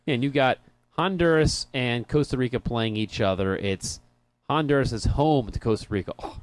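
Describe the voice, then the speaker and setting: A man's voice: medium pitch, moderate pace, dry recording. A man co-hosting a soccer talk show, chatting casually with frequent laughs and rambling restarts. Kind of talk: casual sports chat. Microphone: headphones in a studio.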